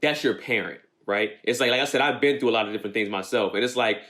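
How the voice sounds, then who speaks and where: A man's voice: fairly low pitch, fast, a bit bright. A man co-hosting a podcast from home, talking earnestly and casually with slang about an anime. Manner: laid-back, earnest, heavy slang and swearing. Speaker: podcast co-host.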